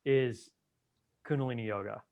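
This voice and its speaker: A man's voice: mid-range voice, fairly even intonation, moderate pace, phone-quality sound. A man who is an Ayurvedic doctor, chatting casually as an interview guest, with lots of "you know" fillers.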